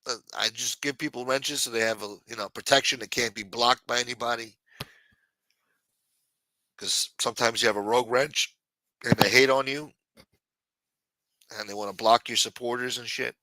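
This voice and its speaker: Dude hosting a late night stream, cussing a lot, bright punchy voice, dry close mic. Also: male voice, mid-range voice, fairly even intonation, normal speed, long pauses, dry recording. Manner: loose, profane, reads and answers chat. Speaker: livestream host. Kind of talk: casual livestream chat.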